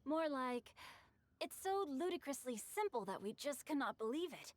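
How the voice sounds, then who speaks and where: Amused young game woman, dry remarks, high and lively. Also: normal speed, no room sound. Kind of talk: video game dialogue.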